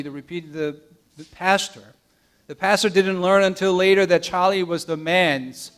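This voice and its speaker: A man pastor preaching a sermon, telling a story in an earnest, gentle way, often letting his lines drop soft and hushed, with small restarts. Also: fairly high pitch. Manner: small restarts and repeated words.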